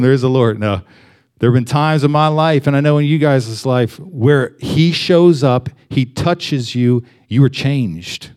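A man's voice: mid-range voice, darkish tone. A young adult man giving a sermon in a loose, conversational way, full of fillers and restarts. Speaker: pastor.

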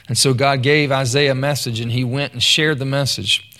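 A man's voice: mid-range voice, steady tone, normal speed, sharp tone. A man preaching a sermon in a conversational storytelling way. He often repeats words and calls out to the congregation.

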